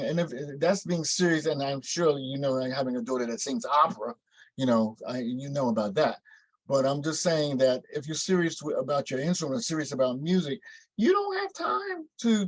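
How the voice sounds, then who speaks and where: A man's voice: fairly high pitch, no room sound, rough recording. An older man from New York, a guest musician in an interview, telling stories emphatically and acting out quotes. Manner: emphatic storyteller, acts out quotes. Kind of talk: interview conversation.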